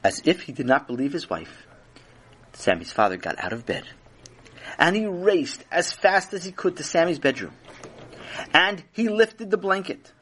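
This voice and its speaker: A man narrating a children's story with animated, dramatic storytelling. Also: on the high side, moderate pace, long pauses.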